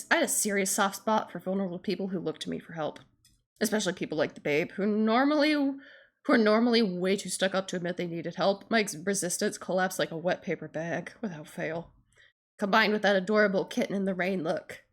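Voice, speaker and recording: A woman's voice: mid-range voice, brisk. A woman streaming a game, reading its narration aloud and chatting playfully with laughter.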